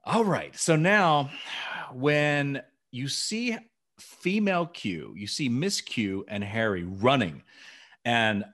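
A middle-aged man co-hosts a podcast in a casual, chatty way. He tells his stories with animation and keeps jumping in to act out the scenes. His voice sits at an ordinary pitch for a man. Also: slow. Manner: animated storytelling, acting out scenes. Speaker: podcast co-host. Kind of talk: casual chat.

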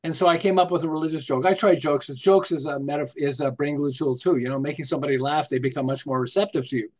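Fast and higher-pitched, this animated American storyteller is a marketing author guesting in a storytelling interview. He acts out quotes and scenes, tells jokes, and rambles with frequent restarts.

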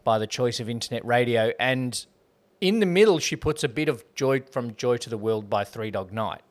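A man's voice: medium pitch, expressive. A man co-hosting a podcast, chatting casually and joking as he rates a film. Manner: joking, rambling, quick to laugh. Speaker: podcast co-host. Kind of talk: casual chat.

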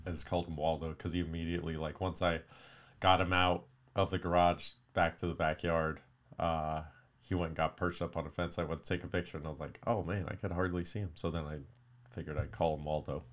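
A man with a deep, low-pitched voice tells a long, wandering story in a loose, casual way. He swears freely and drops to a muttered whisper for his curses. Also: flat delivery, brisk. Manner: profane, rambling, with mock-whispered curses.

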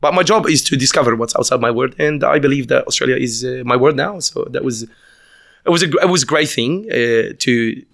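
A man with a Lebanese accent tells stories in a casual interview. His voice sits at a middle pitch, and he laughs often and restarts sentences as the stories tumble out. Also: fairly quick, creaky. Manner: animated storyteller, laughs often, lots of restarts. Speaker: guest.

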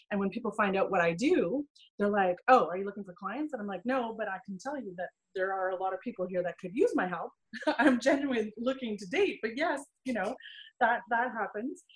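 A middle-aged woman in a casual interview, telling her stories in a lively way and acting out the quoted lines. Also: mid-range voice, poor audio. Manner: animated storytelling, acts out quoted dialogue. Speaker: guest, dating and healing coach.

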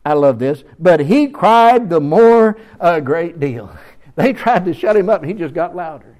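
A man preaching a sermon in a folksy way, building up to loud calls to his congregation. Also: a little high, expressive, a little slow. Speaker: pastor.

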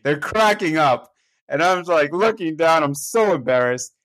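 A man's voice: a little high, animated, measured pace, fairly bright tone. A man, a pastor, telling a personal story in a conversational, self-deprecating way, often checking in with his listener.

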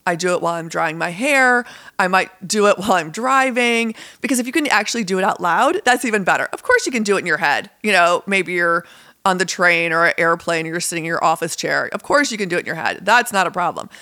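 A woman's voice: fairly low pitch, animated, fast, pushed and bright, no echo, clean studio sound. A woman hosting her own podcast, chatting in an upbeat, encouraging way and leading listeners through positive affirmations. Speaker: podcast host. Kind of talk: casual solo podcast talk.

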